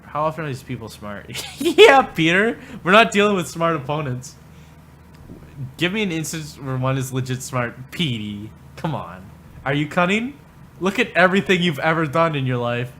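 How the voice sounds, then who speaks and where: A man's voice: on the high side, expressive, moderate pace, fairly bright tone, slight background noise. A man ranting on a livestream in a crude, rambling, mocking way, often breaking into laughter. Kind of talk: profane livestream rant.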